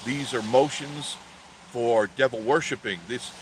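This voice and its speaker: A man's voice: medium pitch, unhurried, a little hiss or hum, lightly acted. A man quoting a serious foreign woman who explains a custom in a matter-of-fact way. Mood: earnest.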